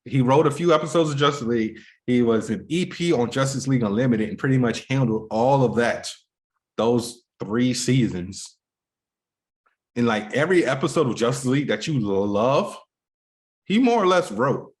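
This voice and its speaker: A man co-hosts a podcast in an animated, mid-range voice at a moderate pace. His casual chat rambles, full of fillers and restarts, trailing off softly as he speaks straight to his listeners.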